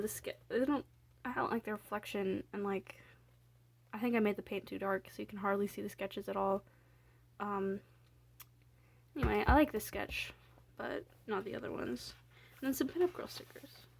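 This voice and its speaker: Young woman, fairly high voice, rambling casual chat, lots of ums, swears offhandedly. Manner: chatty, filler-heavy, self-deprecating, swears casually. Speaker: artist showing her sketchbook.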